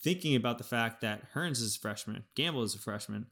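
A man co-hosting a sports podcast, thinking aloud in an animated way with frequent restarts as he breaks down his team's football season. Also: medium pitch, brisk. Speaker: podcast co-host. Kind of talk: casual sports podcast analysis.

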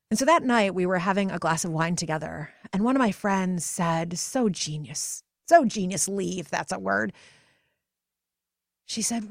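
A pregnant woman in her forties hosting a podcast, telling a personal story in an earnest, emotional way, her voice climbing higher when she gets passionate. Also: no echo, studio quality. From United States. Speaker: podcast host.

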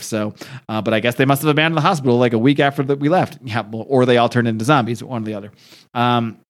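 A man's voice: mid-range voice, quick pace. A man hosting a podcast, recapping a comic in a rambling, joking, casual way. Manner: rambling, laughing, swears casually. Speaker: podcast host.

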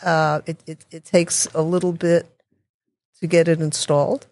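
A woman talking as a guest in a casual interview, chatty and quick to restart her sentences, with sarcastic asides. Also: sits low, level tone, darkish tone. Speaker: guest, technology consultant.

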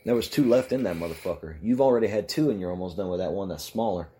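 A man's voice: sits low, quick pace, few pauses, dark tone. Wry, profane podcast host man. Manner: profane, wry, laughing asides. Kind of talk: casual chat.

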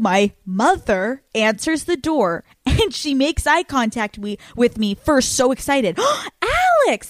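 A woman hosting her podcast in casual chat, brash and profane, quick and often laughing. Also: on the high side, no echo. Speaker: podcast host.

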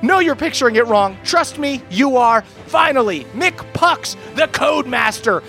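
A hoarse man who has lost his voice, reading playful, jokey patron shout-outs as a podcast host. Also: extremely high pitch, lively intonation, normal speed, faint music behind.

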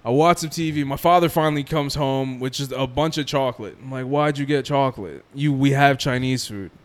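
Smooth-voiced man telling a story. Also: mid-range voice, a little fast. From New Jersey. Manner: animated storyteller, acts out quotes, laughs often. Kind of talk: casual storytelling chat.

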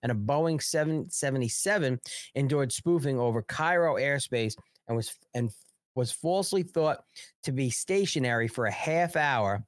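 A man's voice: medium pitch, dry recording, studio quality. An American man hosting a live stream, reading news aloud, breaking off to chat and thank viewers, rambling and profane. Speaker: live show host. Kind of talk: casual live-stream commentary.

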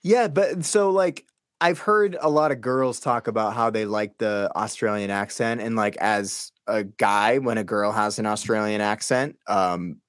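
A man's voice: on the low side, measured pace, dry recording, studio quality. A man in his thirties from Boston with a Boston accent, co-hosting a podcast, thinking aloud with plenty of fillers. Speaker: podcast co-host. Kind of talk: casual chat.

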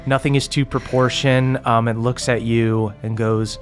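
Halting male game master. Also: mid-range voice, little pitch movement, soft background music. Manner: halting, full of ums and uhs. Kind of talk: narrating a tabletop game.

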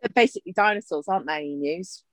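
A woman co-hosting a podcast in casual chat, expressive and full of joking complaints, swearing freely. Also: on the low side, fast talker, no echo. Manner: expressive, swears freely, jokey exaggerated fear. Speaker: podcast co-host.

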